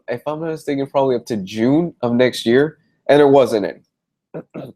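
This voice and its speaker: A man's voice: medium pitch, a little mellow. A young man with a congested voice, answering viewer questions in a casual live-stream chat about comic books, talking in a rambling way with frequent restarts. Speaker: comic book reviewer.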